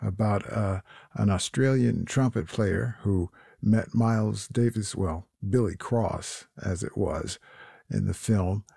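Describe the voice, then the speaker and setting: A man hosting a jazz radio show, back-announcing the tracks in a relaxed way with frequent fillers. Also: on the low side, slow pace, creaky, breathy edge, no room sound, clean studio sound.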